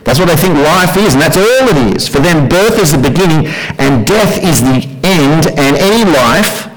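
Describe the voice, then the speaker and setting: A man's voice: a little high, lively intonation, moderate pace, poor audio. A man preaching a sermon in a conversational way, often asking his congregation questions.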